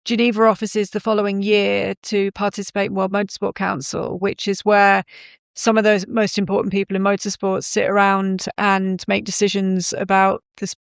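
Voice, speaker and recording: A woman's voice: mid-range voice, vocal fry, smooth, dry recording. A woman in her thirties, a podcast guest, telling her story in a conversational way with frequent ums and self-corrections.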